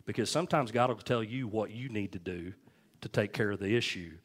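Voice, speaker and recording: A male pastor preaching a sermon, telling stories in a folksy, animated way. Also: fairly low pitch, brisk.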